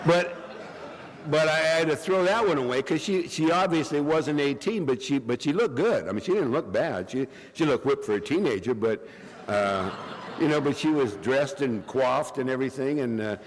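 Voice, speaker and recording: A man's voice: mid-range voice, animated, normal speed. Guy rambling funny story at a podium, chesty cough, big reverb in the hall. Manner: rambling storyteller, wry jokes, many fillers. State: coughing from bronchitis. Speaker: AA speaker. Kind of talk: comic recovery talk at a meeting.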